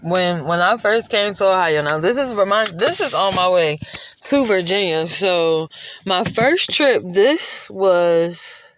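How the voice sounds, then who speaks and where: Breathless woman vlogging beside a highway. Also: expressive, takes it slowly. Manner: chatty, rambling, informal slang. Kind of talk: casual vlog narration while walking. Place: outdoors at a highway rest area. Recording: outdoor traffic noise.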